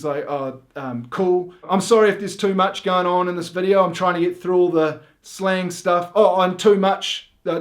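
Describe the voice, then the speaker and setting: Middle-aged New Zealand man, comedic host; rambling deadpan explainer who keeps sidetracking himself, slightly raised pitch. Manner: rambling, full of filler words and self-interruptions.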